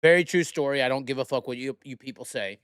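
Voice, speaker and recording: A man's voice: mid-range voice, fast talker, fairly bright tone, clear, resonant tone, no room sound, studio quality. A man hosting a podcast, telling a rambling, profane and heated story in casual talk. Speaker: host.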